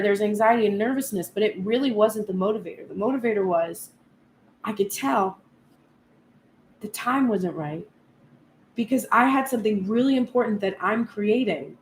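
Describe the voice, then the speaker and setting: A woman tarot reader speaking reflectively and earnestly at length in a spoken tarot reading vlog. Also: fairly high pitch. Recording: echoey room with faint background noise.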